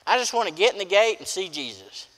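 A middle-aged pastor delivers a folksy, emphatic sermon full of stories. His voice sits high and bright. The sound carries a long church-hall reverb. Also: animated, quick pace. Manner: folksy, storytelling, emphatic preaching. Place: church sanctuary.

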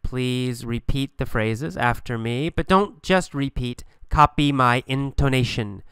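A man's voice: mid-range voice, a little slow, smooth, no room sound, clean studio sound. A man teaching English through a funny mini story, asking and answering simple questions with strong emphasis. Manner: animated, repetitive, emphatic questioning.

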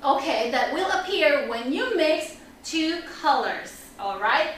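A woman teaching an online English lesson for children, energetic and upbeat, leading repeat-after-me drills. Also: sits high, takes it slowly, slight background noise. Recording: echoey room, mic at a distance.

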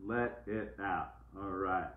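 A man's voice: sits low, takes it slowly, slight background noise. A man giving a casual, playful live-stream oracle card reading, repeating uplifting phrases like mantras. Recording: echoey room, tinny phone-like sound.

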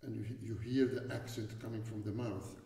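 A man teaching a wind instrument lesson, explaining exercises in a halting way with many restarts. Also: on the low side, steady tone, dark tone. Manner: halting, with frequent restarts and fillers. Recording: echoey hall, voice from far off.

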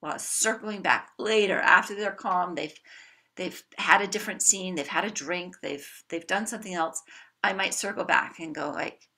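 Bright, lively woman talking to a room of parents, acts out little examples. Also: on the low side, normal speed. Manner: animated, warm coaching tone with acted examples. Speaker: parenting educator. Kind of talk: workshop talk to parents. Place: room with an audience.

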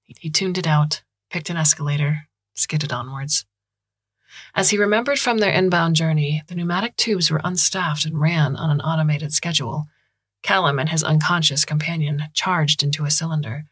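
A woman reading a science fiction story aloud as podcast narrator, in a measured, even manner. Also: deep voice, slightly rough, dry recording, clean studio sound. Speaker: audiobook narrator.

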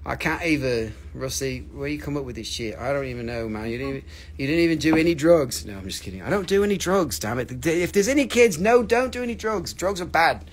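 A man with a mid-range voice talks a little fast and animatedly. He's hosting a livestreamed crystal sale, chatting casually with viewers, joking and teasing them, and swearing freely.

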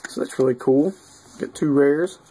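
A man giving casual unboxing commentary, reading off cards one by one with easygoing, mildly excited asides and fillers. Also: fairly high pitch, normal speed, husky. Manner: easygoing, reads off cards one after another. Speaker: video creator opening card packs.

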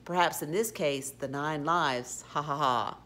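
A woman voicing a suave, scheming male cat admiral with a purring voice and a smooth, condescending manner. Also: measured pace, fairly bright tone. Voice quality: deep and purring.

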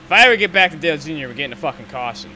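A young man giving profane, running commentary while playing a racing game, shifting between low muttering and yelling rants. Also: animated, very fast, a little hiss or hum. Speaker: gaming YouTuber.

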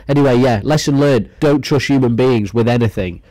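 A man's voice: mid-range voice, brisk, warm tone. A man YouTuber giving crude, sarcastic reaction commentary.

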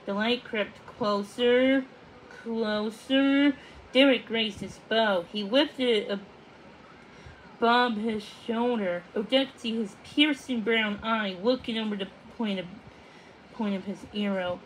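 A woman reading a storybook aloud in a slow, measured way, with dramatic pauses. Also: mid-range voice, steady tone, a little hiss or hum, poor audio. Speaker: storybook reader.

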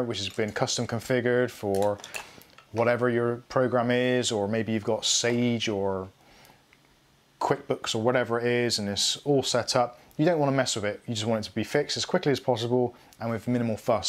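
A middle-aged man hosting a live tech stream, rambling and self-mocking as he goes through his tools. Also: medium pitch. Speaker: tech channel host. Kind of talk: casual live unboxing chat.

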